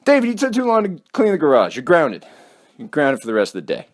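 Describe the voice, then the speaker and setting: A man's voice: a little high, wildly swooping pitch, quick pace. A man voicing a strict stepmother who scolds and grounds her stepson. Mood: scolding. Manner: curt, scolding. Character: strict stepmother handing out punishment.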